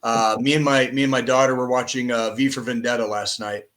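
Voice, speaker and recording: A man's voice: mid-range voice, fairly even intonation, fairly quick, fairly bright tone. A man hosting a podcast, giving a profane, impassioned pep talk and checking in with repeated "okay?" and "all right?". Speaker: podcast host.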